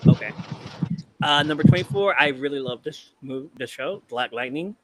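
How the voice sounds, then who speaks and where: A man with a fairly high, animated voice hosts a live-streamed podcast at a moderate pace, counting down a ranked list in a loose, profane style and often trailing off before restarting. The audio is poor, with clear background noise and clicks.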